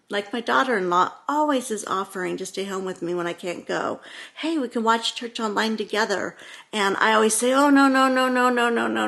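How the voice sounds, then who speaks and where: A woman's voice: mid-range voice, vocal fry, a bit bright. A middle-aged woman talking casually to her viewers from home, rambling with lots of "you know" and restarts. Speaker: vlogger. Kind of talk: casual talking-to-camera vlog. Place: at home, indoors.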